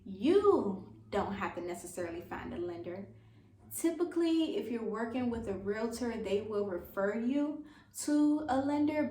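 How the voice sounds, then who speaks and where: A woman's voice: medium pitch, darkish tone, slight background noise. A woman vlogging about buying a first home, giving informal, chatty advice in a self-deprecating way. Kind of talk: casual advice vlog. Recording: echoey room, mic at a distance.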